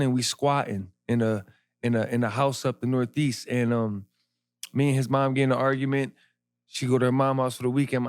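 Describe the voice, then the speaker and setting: A man, a podcast guest telling his story in animated street slang. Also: medium pitch, smooth, dry recording, clean studio sound. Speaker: podcast guest, clothing brand founder. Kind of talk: casual interview storytelling.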